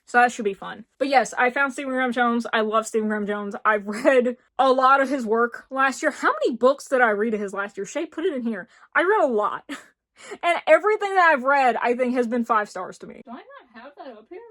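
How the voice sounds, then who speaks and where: A woman's voice: fairly high pitch, animated, brisk, a bit bright. A woman in her twenties from rural Tennessee with an Appalachian accent, gushing in a casual book review chat. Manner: gushing, enthusiastic, emphatic repetition. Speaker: book vlogger.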